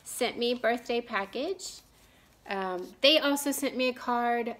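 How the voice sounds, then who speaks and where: A woman in her thirties from Texas, rambling in a casual chat with lots of fillers and restarts, clearing her throat now and then from allergies. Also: on the high side, measured pace, heavy background noise. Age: 30s. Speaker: cross-stitch vlogger.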